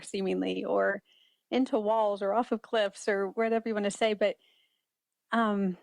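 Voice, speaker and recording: A woman's voice: medium pitch, gravelly, no room sound, studio quality. A woman guest author speaking earnestly and reflectively in an interview, often restarting her sentences. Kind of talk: conversational interview.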